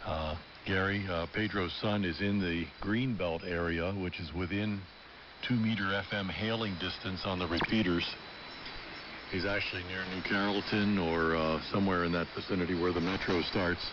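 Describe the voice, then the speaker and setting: A man's voice: deep voice, steady tone, moderate pace. A man chatting on ham radio in an easygoing, rambling way. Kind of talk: casual on-air radio chat. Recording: muffled amateur radio audio, clear static.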